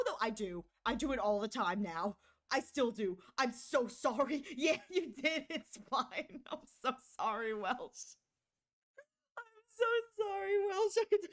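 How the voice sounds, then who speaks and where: A woman's voice: high voice, a bit bright. A woman streamer chatting casually with her viewers, giggling often, rambling and apologizing with many restarts. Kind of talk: casual chat with live chat.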